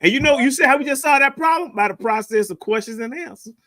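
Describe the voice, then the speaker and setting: Man, bright voice, dry sound, playful teasing, lecturing life coach tone. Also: very high-pitched, quick pace, dry recording. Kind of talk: casual call-in show banter.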